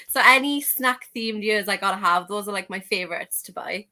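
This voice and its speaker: A woman's voice: medium pitch, normal speed, sharp tone. A woman from Wales, a guest on an interview podcast, chatting in an upbeat, enthusiastic way. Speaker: guest collector. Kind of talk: casual interview chat.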